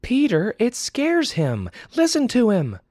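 A man doing a harried storybook mom, voice pushed way up high and loud, scolding and stern, swooping all over the place as she lectures her kid. dry close sound, a little music under it. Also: wildly swooping pitch, slow pace, no room sound, exaggerated voice. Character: stern exasperated young mother.

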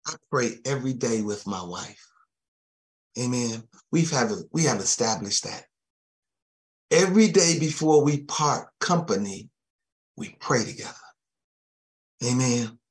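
Slow-preaching man murmuring amens. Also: mid-range voice, animated. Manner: peppers his talk with amens and murmured thanks to Jesus; chuckles often between phrases. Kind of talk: sermon.

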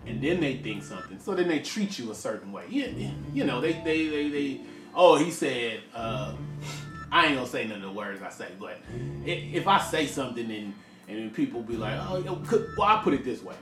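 A man's voice: mid-range voice, very animated, a little fast. Rambling man in his forties, echoey room. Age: 40s. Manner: rambling, frank, stop-start with many restarts. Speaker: musician talking about his work. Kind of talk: casual monologue. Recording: echoey room, voice from far off, music behind.

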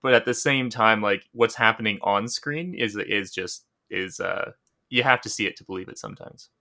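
Bright-voiced man musing on a documentary. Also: lowish voice, moderate pace, creaky. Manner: searching for words, hedging with "like". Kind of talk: casual movie review chat.

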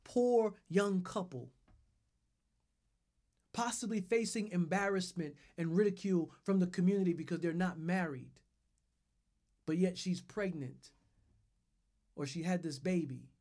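A man's voice: high voice, measured pace, long pauses, a little mellow. A man preaching a sermon and leading his listeners through repeated phrases with strong emphasis on each word. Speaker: pastor.

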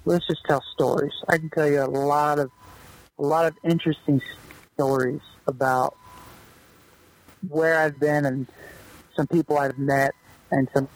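Man, fairly high voice, casual podcast guest, chatty storyteller, full of fillers. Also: unhurried, pauses often, rough recording. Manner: loose, animated storyteller with lots of fillers. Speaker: guest, former pro baseball player.

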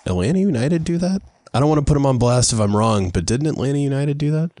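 A man's voice: mid-range voice, expressive, fast talker, dark tone, no echo. A man co-hosting a casual podcast chat, laid-back with joking asides. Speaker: podcast co-host.

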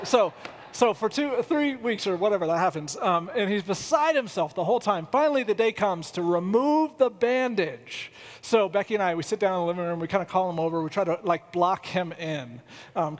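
A man with a high voice preaches in an easy, chatty way, slipping into funny storytelling. His words carry the long reverb of a large church hall. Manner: conversational, humorous storytelling. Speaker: pastor. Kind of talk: sermon.

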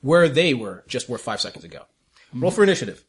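A man's voice: medium pitch, big pitch swings, quick pace, husky. Male game master with a mid-range voice. Casual and laughing. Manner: casual, laughing, swears freely. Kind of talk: running a tabletop game.

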